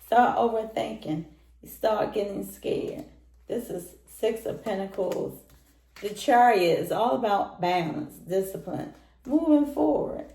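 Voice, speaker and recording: A woman's voice: medium pitch, lively intonation, a little slow, gravelly, mellow. A woman giving a casual tarot reading, speaking straight to the listener and repeating her points. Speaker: tarot reader. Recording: roomy echoey room.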